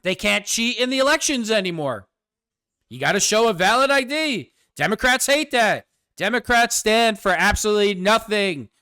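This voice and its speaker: A man's voice: high-pitched, expressive, moderate pace, sharp tone, smooth, no room sound, studio quality. A man hosting his own show, delivering a sarcastic, combative political commentary rant. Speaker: host.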